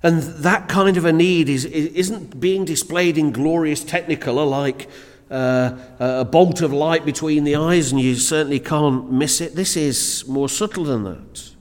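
A man's voice: fairly high pitch, a little slow. A man preaching a sermon to a church congregation in an earnest, emphatic way, often repeating words as he builds his points. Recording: reverberant church hall.

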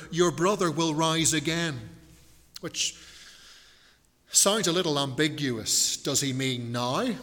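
Man, preacher, unhurried Bible teaching, slightly high voice, long hall reverb. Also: a bit bright. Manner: slow and deliberate, with restarts and rhetorical questions.

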